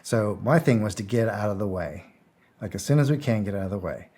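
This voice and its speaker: A man's voice: lowish voice, brisk, breathy edge. A middle-aged man, a guest on an interview show, telling a story in a casual, blunt way, acting out the dialogue and chuckling often. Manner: animated storyteller, acts out quotes, chuckles. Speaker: guest, former security contractor.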